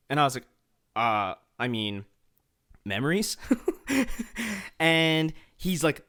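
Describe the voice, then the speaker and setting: A podcast co-host tells a long, rambling story in a casual chat, swearing a lot and restarting often. His mid-range voice is very animated and a bit bright, and he speaks fairly quickly.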